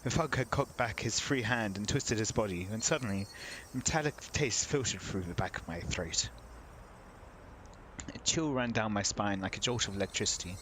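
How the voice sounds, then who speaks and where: During a let's play, a man reads a visual novel's narration aloud, stopping for wry, casual remarks. His voice is on the low side and a bit bright, at normal speed, and the rough recording carries slight background noise.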